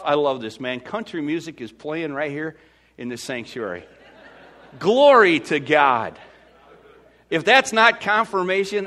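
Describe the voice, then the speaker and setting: A Midwestern American man preaching a sermon as pastor, swinging from loud to hushed. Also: on the high side.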